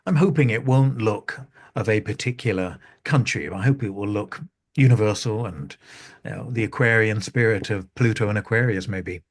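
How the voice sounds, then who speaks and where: A man talking casually on a video call, pausing often with ums and restarts. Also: fairly low pitch. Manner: hesitant, many ums and restarts. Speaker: new magazine editor, astrology school head.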